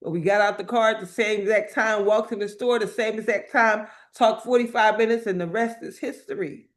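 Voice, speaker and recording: A woman sharing a faith-based testimony, telling her story with lively quoted dialogue and repeating phrases for emphasis. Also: medium pitch, a little fast. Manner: animated storytelling, acting out quoted voices. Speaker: motivational speaker.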